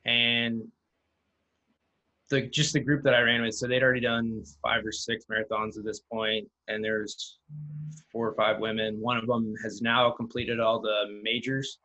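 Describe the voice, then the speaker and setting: A man speaking as an interview guest, calm and matter-of-fact as he tells his story. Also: mid-range voice, measured pace, poor audio. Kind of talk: casual interview chat.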